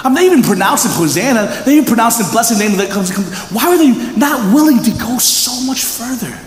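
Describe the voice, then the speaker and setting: A man preaching in a large church hall, his high voice swooping lively up and down as he chats and quizzes the crowd. Long reverb rings off the walls over a faint room hum. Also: brisk. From Philadelphia, USA. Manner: animated, chatty, asks the audience questions. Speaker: pastor. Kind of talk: conversational sermon.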